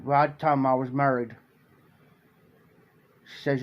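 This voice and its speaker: A man's voice: mid-range voice, level tone, moderate pace, long pauses, dull audio. A man, hosting a live stream and telling a story in a rambling, repetitive way. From Ohio. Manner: rambling, repeats "I said" often. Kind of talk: casual storytelling.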